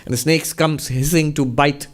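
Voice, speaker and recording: A man's voice: on the high side, fairly even intonation, moderate pace. A man, a monk answering audience questions, gives a spiritual talk and tells stories animatedly, often laughing.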